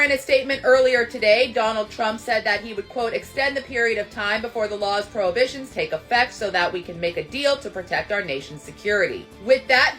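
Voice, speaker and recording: A woman delivers a brisk news-style update with emphatic starts to each point. Her voice sits a little high, and faint music plays under it. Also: fairly bright tone.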